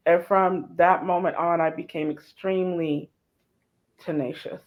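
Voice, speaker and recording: A woman's voice: fairly low pitch, unhurried. A woman, a guest on an interview show, telling a personal story with feeling and acting out the voices of the people in it. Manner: animated, acts out dialogue. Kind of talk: emotional storytelling.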